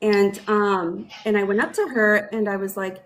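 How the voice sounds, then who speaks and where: A woman author telling an animated story in casual chat on a video call, swearing freely. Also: medium pitch, normal speed, a little hiss or hum. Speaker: author, interview guest.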